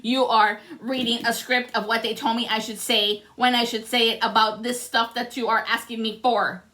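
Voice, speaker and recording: A woman's voice: fairly high pitch, flat delivery, moderate pace, bright, forceful tone. A woman speaking as a spiritual reader in a passionate, profane rant to her viewers. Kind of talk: emotional monologue to camera.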